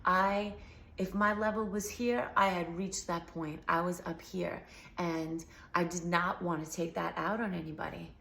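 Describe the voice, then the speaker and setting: Gravelly-voiced woman vlogger, slightly sore. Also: lowish voice, fairly even intonation, unhurried, fairly bright tone, roomy sound. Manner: earnest, rambling, many fillers. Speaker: healing vlogger. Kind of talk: casual talk to camera.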